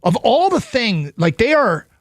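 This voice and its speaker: A man with a very high-pitched voice talks a little slowly, with no room sound. He hosts a sports talk radio show, chatting in an enthusiastic, animated way in the studio.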